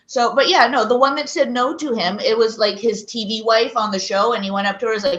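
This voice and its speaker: A woman's voice: fairly high pitch, fairly bright tone. A woman co-hosting a podcast in casual chat, outspoken and argumentative. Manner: outspoken, argumentative, talks in quick runs. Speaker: podcast co-host. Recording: echoey, dull-sounding room.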